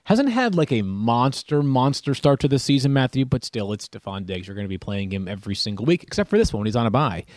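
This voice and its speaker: A man co-hosting a fantasy football podcast, running through player stats in a brisk, conversational way. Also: medium pitch, big pitch swings, a little mellow, no room sound, studio quality. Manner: brisk stat rundown, conversational. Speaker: podcast co-host.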